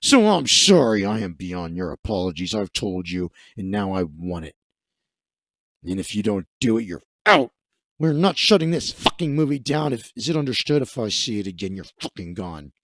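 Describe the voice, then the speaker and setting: A man voicing a furious male movie star in a British accent, yelling profane threats at a film crew. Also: on the low side, big pitch swings, normal speed, no room sound, voice pushed down. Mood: furious rant.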